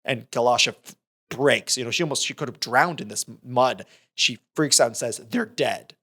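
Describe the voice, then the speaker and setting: A man co-hosting a podcast in casual film discussion, retelling scenes in an animated way with many restarts. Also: mid-range voice, a little fast. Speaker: podcast co-host.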